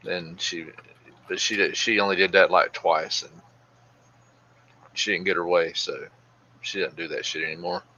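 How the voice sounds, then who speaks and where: Casting: deep-voiced ex-cop, bright tone, slightly dull lo-fi recording. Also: male voice, steady tone, moderate pace, long pauses. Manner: storytelling, blunt, mild cursing. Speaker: podcast co-host, former police officer. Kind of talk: casual chat.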